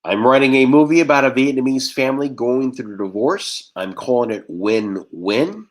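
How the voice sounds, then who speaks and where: A man from Texas doing a stand-up set over a video call, firing off quick deadpan one-liners and putting on voices for the characters in his jokes. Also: mid-range voice. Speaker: stand-up comedian.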